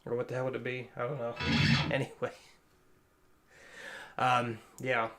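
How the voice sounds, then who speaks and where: A man's voice: mid-range voice, completely flat delivery, unhurried, a bit bright. A man hosting a live stream, reacting casually to a guitar lesson video in a loose, rambling way and swearing now and then. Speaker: guitar teacher and stream host. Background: electric guitar playing.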